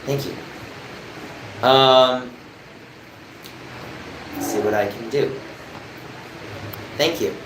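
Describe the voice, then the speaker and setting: A man's voice: medium pitch, drawn-out words, pauses often, roomy sound, background noise. A young man from New Jersey chatting casually on a live stream, rambling and answering viewers' comments. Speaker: livestreamer.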